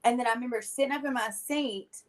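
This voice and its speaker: A woman's voice: a little high, fast talker. A woman, a guest in an interview, telling her personal testimony in a blunt, slangy and emotional way.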